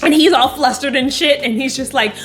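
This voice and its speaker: High-voiced, animated woman recapping a show. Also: fairly quick, soft background music. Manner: animated and playful, with bursts of dramatic emphasis; blunt, with casual swearing. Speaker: vlogger recapping a TV episode. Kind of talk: casual chat.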